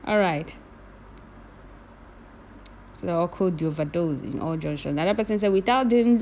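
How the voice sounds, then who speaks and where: A woman's voice: fairly low pitch, a little hiss or hum. Woman reading and scolding. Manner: switches from calm reading to loud scolding. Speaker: commentator reading viewer comments. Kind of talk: reading and answering comments.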